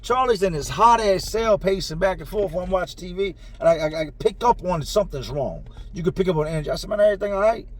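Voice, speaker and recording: Animated man telling a story. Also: high-pitched, fast, hardly any pauses. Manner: animated, acts out dialogue with slang. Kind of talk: casual first-person storytelling.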